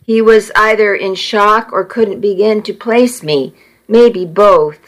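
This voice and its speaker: A woman reads a first-person story aloud at a slow, deliberate pace. Her voice sits in a middle register, and her delivery is measured and intimate. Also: mid-range voice, rough recording. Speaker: audiobook narrator. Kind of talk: first-person audiobook narration.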